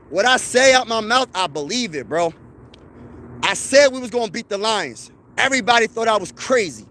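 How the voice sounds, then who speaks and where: Hyped high-voiced sports host. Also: male voice, bright, forceful tone, a little hiss or hum. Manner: boastful, hyped trash talk. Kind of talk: live-stream sports chat.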